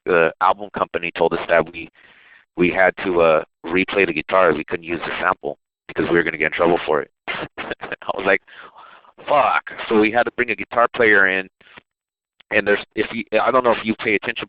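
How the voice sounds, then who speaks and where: Low-voiced rapper on a tinny line. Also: male voice, no echo. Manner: loose, rambling, with restarts and laughs. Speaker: rapper and producer. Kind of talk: casual interview storytelling.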